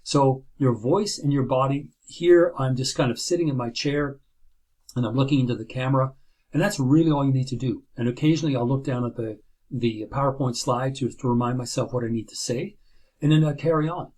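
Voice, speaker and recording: Husky-voiced man giving a casual lecture. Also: mid-range voice, fairly quick, darkish tone. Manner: conversational, many fillers and restarts, tag questions. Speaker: instructor. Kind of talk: recorded video lecture. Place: sitting in a chair at home. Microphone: laptop built-in camera and microphone.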